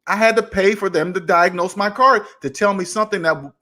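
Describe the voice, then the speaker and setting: Man, high-pitched voice, casual storytelling, acts out both sides of an argument. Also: fairly quick. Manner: animated, retells arguments with quoted dialogue. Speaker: personal finance channel host.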